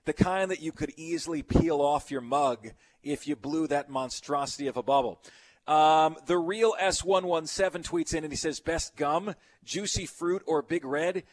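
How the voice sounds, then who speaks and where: A man's voice: fairly high pitch, normal speed. Chatty male sports radio host. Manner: loose, chatty, rambling with listener texts. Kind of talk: casual radio chat.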